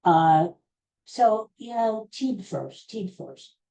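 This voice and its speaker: A woman's voice: medium pitch, animated, extremely slow, dark tone, rough recording. A woman hosting a podcast, chatting casually and rambling with exclamations. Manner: rambling, exclaiming, talks to herself. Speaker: podcast host. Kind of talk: casual chat.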